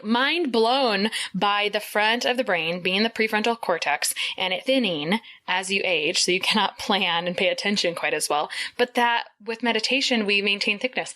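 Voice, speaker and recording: A woman hosts a podcast and asks her guest questions with open enthusiasm. Her talk is easy and conversational, at a middle pitch. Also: bright, forceful tone. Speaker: podcast host. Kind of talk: podcast interview.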